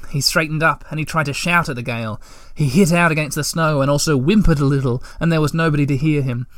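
A man reading a children's storybook aloud in measured, gentle audiobook narration. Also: on the high side, dry recording, studio quality.

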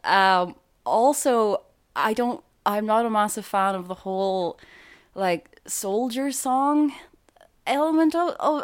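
Chatty Irish woman with a smooth voice. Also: fairly low pitch. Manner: animated, chatty, full of fillers; laughs often while talking. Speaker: podcast co-host. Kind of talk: casual chat.

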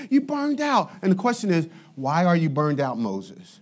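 A male pastor preaching a sermon in an animated, conversational way with playful asides. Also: high-pitched, moderate pace, hardly any pauses.

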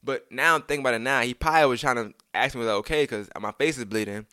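A man's voice: mid-range voice, very fast, bright, forceful tone, smooth, no room sound, clean studio sound. A young man casually telling a story from his childhood, rambling with many restarts and asides, and acting out the lines he quotes.

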